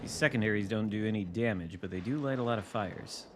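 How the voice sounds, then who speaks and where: A man's voice: fairly low pitch, fast talker, slight background noise. A man streaming a naval battle game, chatting casually with dry, wry asides as he thinks aloud. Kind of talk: casual live gameplay commentary.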